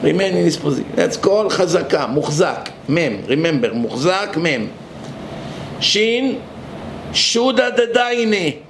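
Male religious lecturer, raised pitch, emphatic, rhetorical; echoey room with faint ambience. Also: sing-song, a little slow, gravelly, a little hiss or hum.

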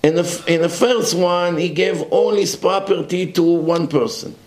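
A man's voice: high-pitched, normal speed, darkish tone, roomy sound. A man giving a religious lecture, emphatic and full of rhetorical questions.

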